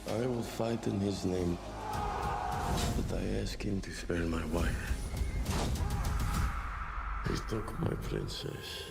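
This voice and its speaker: An actor playing a brooding ancient vampire count who grieves his lost wife, speaking in a gravelly, hushed, slow film voice. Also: sits low, heavily acted. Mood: grim, mournful. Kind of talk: film trailer dialogue. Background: loud trailer music.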